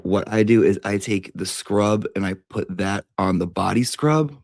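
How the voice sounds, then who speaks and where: A man's voice: lowish voice, unhurried, gravelly, darkish tone, no room sound. A man giving a brash, profane, theatrical comic review of beauty products.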